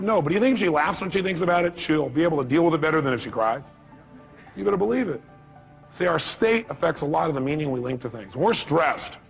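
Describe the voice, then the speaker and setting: A man delivers a motivational seminar with a high-pitched, emphatic voice. He keeps firing rhetorical questions at the crowd, and soft music plays underneath. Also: gravelly. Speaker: motivational speaker. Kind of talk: live seminar talk.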